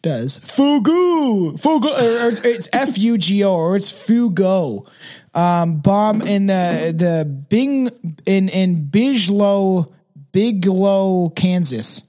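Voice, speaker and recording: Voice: mid-range voice, expressive, slow pace, darkish tone. A young adult podcast co-host chatting casually and reading articles aloud, swearing freely and tripping over names while intoxicated. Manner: loose and profane, stumbles over names and words.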